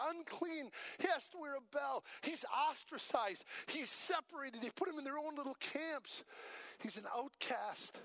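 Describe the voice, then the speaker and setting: A man preaching a sermon as pastor, animated and asking the congregation to repeat lines after him. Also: very high-pitched, no echo.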